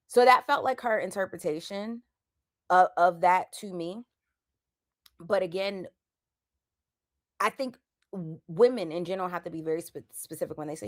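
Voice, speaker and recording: A woman in her thirties talks in a casual chat with a lower pitch for her sex and a slangy, emphatic delivery. Her points come in lively bursts. The sound is close and dry, with no room around it. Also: moderate pace, long pauses, dry recording. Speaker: podcast host.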